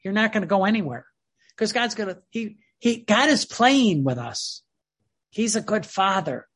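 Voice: mid-range voice, animated, normal speed, a bit bright. A devotional speaker teaching about prayer in an informal, earnest way, often restarting and repeating phrases.

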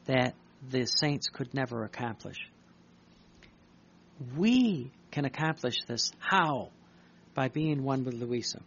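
A man's voice: on the high side, creaky, a bit bright. A man preaching urgently, reading devotional writings aloud and breaking off to comment, repeating his points for emphasis. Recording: dull lo-fi recording.

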